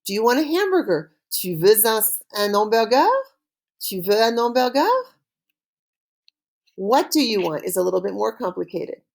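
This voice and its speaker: A woman teaching a recorded French vocabulary lesson, saying words slowly for students to repeat and praising them often. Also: medium pitch, expressive, creaky. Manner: slow call-and-repeat drilling with cheerful praise. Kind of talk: recorded online language lesson.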